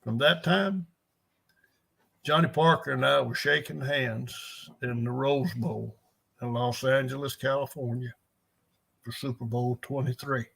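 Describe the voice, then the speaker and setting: A man's voice: medium pitch, steady tone, a little slow, gravelly, fairly bright tone, slightly rough. An older man, a strength coach telling rambling, folksy stories in an interview. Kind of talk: storytelling in an interview.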